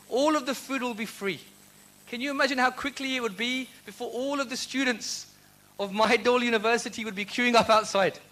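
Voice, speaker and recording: High bright-voiced man lecturing with energy. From United Kingdom. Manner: energetic, quizzes and teases the audience. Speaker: guest speaker. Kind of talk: lively lecture to a university audience.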